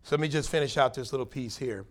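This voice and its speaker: A man's voice: mid-range voice, quick pace. A man preaching a plain-spoken Bible teaching sermon, earnest and conversational, with emphatic bursts. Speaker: pastor.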